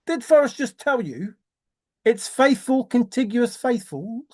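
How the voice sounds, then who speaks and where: A man's voice: extremely high pitch, very animated, a little slow, a little mellow. A man rambling in a teasing, giggly solo monologue, often laughing and repeating words. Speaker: treasure-hunt video maker.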